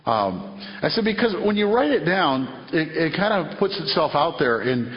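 Earnest preacher guy, kinda high voice, retells chats in a big church hall. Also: very animated, moderate pace. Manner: earnest, repeats phrases, acts out dialogue. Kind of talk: sermon. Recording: muffled sound in a long-echo hall.

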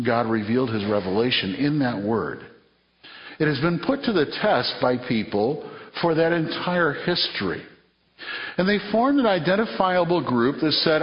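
A man preaching a sermon in an earnest way, repeating phrases and acting out conversations, heard in a church hall. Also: medium pitch. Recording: muffled sound in a long-echo hall.

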